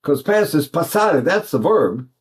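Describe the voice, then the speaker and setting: Older man, voice teacher, high voice, very lively pitch, chatty singing lesson. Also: measured pace. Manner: animated, chatty, sings and buzzes examples, mimics Italian speech.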